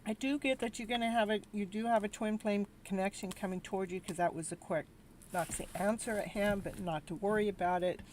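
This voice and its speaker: Speaking at a medium pitch, brisk and a little mellow, a weary tarot reader runs her live show over faint background noise. Worn out and exasperated, she rambles to her viewers and often starts over.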